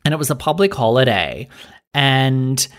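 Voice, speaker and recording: A young man rants his way through a story. His pitch sits mid-range. He sounds chatty and exasperated, with fillers and swearing throughout. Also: expressive, moderate pace, a bit bright. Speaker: podcast host. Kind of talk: casual storytelling rant.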